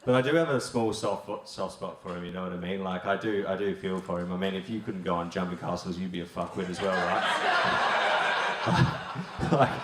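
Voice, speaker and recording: Australian male comic, low-ish voice, crude and brash, laughs at own jokes, roomy echo. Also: moderate pace, background noise. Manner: brash, swearing, laughs through his jokes. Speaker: stand-up comedian. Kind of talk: crude stand-up routine.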